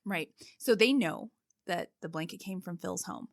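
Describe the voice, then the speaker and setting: A woman's voice: on the low side, normal speed, no echo, studio quality. A woman co-hosting a casual podcast, steadily walking her listener through a case with frequent "like" fillers. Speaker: podcast co-host telling the case. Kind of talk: casual true-crime podcast narration.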